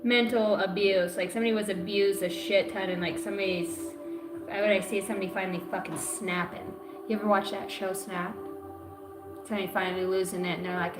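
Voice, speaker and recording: An astrology card reader gives a zodiac reading on a livestream, cursing a lot and rambling from one joke to the next. Her medium-pitched voice is brisk. The rough recording has an echoey room and faint music behind her.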